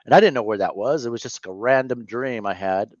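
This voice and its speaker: A man in his fifties, a guest telling a personal story in an interview, earnest and candid, with halting speech and frequent self-corrections. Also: mid-range voice, no echo, lo-fi sound. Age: 50s.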